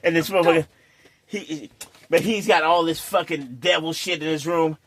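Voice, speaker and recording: A man's voice: a little high, fairly even intonation, moderate pace, a little hiss or hum. A man hosting a show, telling a raucous story full of swearing, laughing often and acting out the scenes. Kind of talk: casual anecdote telling.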